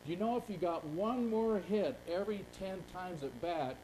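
Folksy high-voiced older man telling stories. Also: moderate pace, dark tone, a little hiss or hum, low-quality recording. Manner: folksy, rambling storyteller. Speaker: speaker at a conference. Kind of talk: storytelling talk to a live audience.

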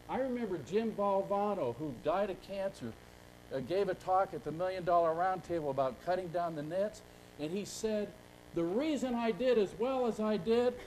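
Folksy high-voiced older man telling stories. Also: darkish tone, a little hiss or hum, low-quality recording. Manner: folksy, rambling storyteller. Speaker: speaker at a conference. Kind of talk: storytelling talk to a live audience.

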